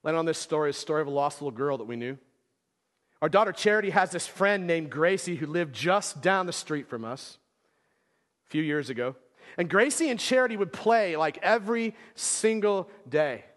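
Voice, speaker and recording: A man's voice: a little high, expressive, moderate pace, fairly bright tone. A man in his thirties preaching a sermon, telling a story in a casual, rambling way full of filler words. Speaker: pastor. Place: church sanctuary. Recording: long church hall reverb.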